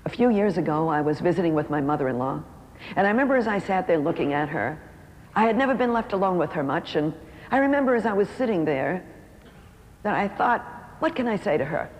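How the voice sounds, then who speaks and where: A middle-aged woman, an author and speaker, telling a personal story in an emotive way and slowing down for emphasis. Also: fairly low pitch, expressive. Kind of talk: storytelling talk. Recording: reverberant hall with faint noise.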